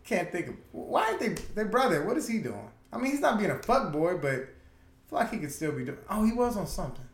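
A man co-hosting a podcast in casual banter, swearing freely, laughing often and telling stories with animated quoted voices. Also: high-pitched, brisk. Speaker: podcast co-host. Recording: echoey room.

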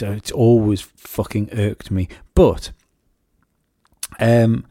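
A man chatting on a podcast, rambling through sweary stories. His voice is dark and mellow, and it sounds dry and close. He often pitches up into mocking voices when he quotes people. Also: slightly rough, dry recording. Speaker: podcast co-host. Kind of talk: casual comedic chat.

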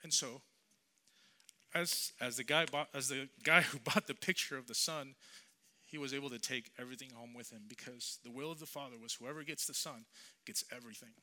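A man who is a youth pastor tells a sermon story in an earnest, conversational, halting way. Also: mid-range voice, pushed and bright.

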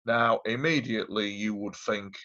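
A man's voice: fairly low pitch, fairly even intonation, moderate pace, bright, forceful tone. A man, a guest telling a long personal story in a rambling, emphatic way, repeating himself. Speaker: interview guest. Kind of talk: casual storytelling. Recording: dull lo-fi audio.

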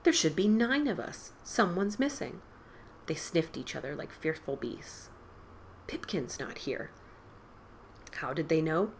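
A woman podcast host reading a spooky story aloud in an expressive storybook style, dropping to whispers and rising for the characters' cries. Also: low-pitched, normal speed, vocal fry, a little hiss or hum. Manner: dramatic, drops to whispers and lifts for quoted boys' cries.

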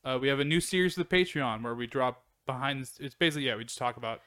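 A man co-hosting a casual podcast, rambling and halting between jokes. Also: mid-range voice, a bit bright, smooth, no echo, studio quality. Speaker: podcast co-host. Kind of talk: casual group chat.

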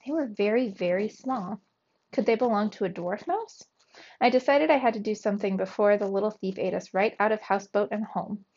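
Woman teacher, storybook read-aloud for young kids, mid-range voice, expressive, muffled lo-fi recording. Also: mid-range voice. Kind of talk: reading a children's novel aloud.

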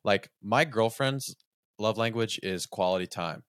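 A man hosting an interview podcast, chatting in a relaxed, thoughtful way. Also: lowish voice, unhurried, clear, resonant tone, dry recording, studio quality. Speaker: podcast host. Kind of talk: conversational interview.

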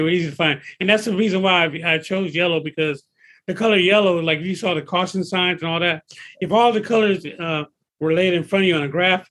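A man in his fifties, a personal trainer, talking in an excitable, emphatic way and often repeating himself. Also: fairly high pitch. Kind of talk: casual interview talk.

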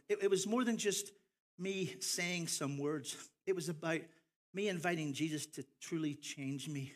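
A middle-aged man from Ireland, his accent softened by years in America, preaches a sermon. His voice sits a little high for a man, and he slows right down and pushes harder on the phrases he wants to land. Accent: Northern Irish, softened by years in America. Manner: passionate, with big swells of emphasis and slowed key phrases. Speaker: pastor.

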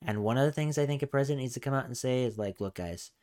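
A man's voice: mid-range voice, racing, a little mellow. A man hosting a casual podcast, rambling and hesitant, often trailing off mid-thought. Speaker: podcast host.

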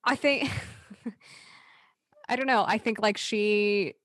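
A woman's voice: mid-range voice, fairly even intonation, drawn-out words, fairly bright tone, no echo, clean studio sound. A woman co-hosting a podcast, chatting casually with hesitant restarts. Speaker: podcast co-host. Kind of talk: casual chat.

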